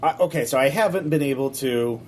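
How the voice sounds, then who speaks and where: A man voicing a fussy, condescending male cyborg priest in a tabletop game, talking in halting, rambling bursts full of filler sounds. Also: mid-range voice, a little mellow, a little hiss or hum, lightly acted.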